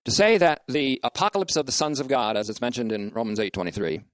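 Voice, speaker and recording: A man's voice: mid-range voice, big pitch swings, fast, no room sound. Methodical man teaching scripture, dry sound. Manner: methodical, spells out words letter by letter. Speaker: bible teacher. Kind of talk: scriptural lecture.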